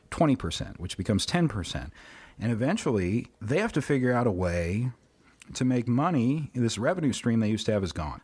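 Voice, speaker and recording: A man, a podcast guest, recapping a history story in a chatty, animated way with asides. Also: fairly low pitch, breathy edge. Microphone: podcast mic on a video call.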